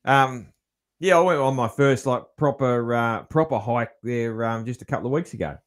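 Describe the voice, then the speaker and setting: A man's voice: mid-range voice, moderate pace. A man with an Australian accent hosting a podcast, chatting in a laid-back way and calling his guest "man" a lot. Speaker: podcast host. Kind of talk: casual interview chat.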